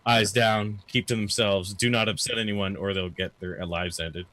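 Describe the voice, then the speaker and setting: A man runs a tabletop game as dungeon master. His voice sits on the low side, and he describes each scene loosely, pausing often to search for words. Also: fairly even intonation, sharp tone. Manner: loose, halting description with fillers.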